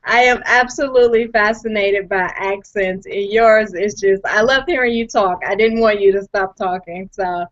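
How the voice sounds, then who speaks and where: A woman's voice: medium pitch, moderate pace, few pauses, dull audio. Hesitant young woman telling her story. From Chicago, USA. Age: 20s. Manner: hesitant with many "um"s, self-joking. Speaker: guest panelist. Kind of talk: personal story on a call. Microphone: video call.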